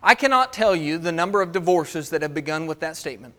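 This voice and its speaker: A man's voice: on the high side, lively intonation, fast, bright, forceful tone. A man preaching a sermon as pastor, asking the congregation rhetorical questions and acting out the voices of the people he quotes.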